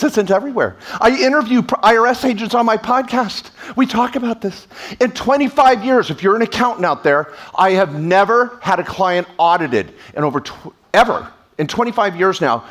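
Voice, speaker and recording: A man speaking as a tax attorney at a live event, energetic and sarcastic, slipping into quoted voices, on a stage microphone. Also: sits high, normal speed. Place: event stage before an audience.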